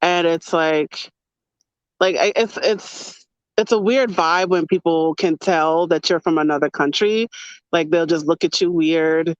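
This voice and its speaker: A woman's voice: on the low side, steady tone, measured pace, dry recording, lo-fi sound. A woman from the United States hosting a podcast, chatting casually and often laughing while recounting stories. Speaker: podcast host. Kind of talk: casual conversation.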